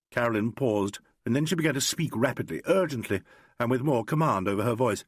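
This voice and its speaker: A man narrating an audiobook in a measured, expressive storytelling manner. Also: medium pitch, husky, no room sound, clean studio sound. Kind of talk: scripted narration.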